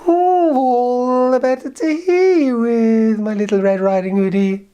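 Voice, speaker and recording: A man puts on a hungry wolf dressed up as a granny, squeezing his voice way up high into a sugary old-lady warble. He drawls each word slowly and sweetly while he waits to gobble his guest. It is a playful children's storybook voice. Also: steady tone, warm tone, smooth, muffled recording. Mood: mock-sweet. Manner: high mock-sweet quavering voice. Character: big bad male wolf disguised as granny.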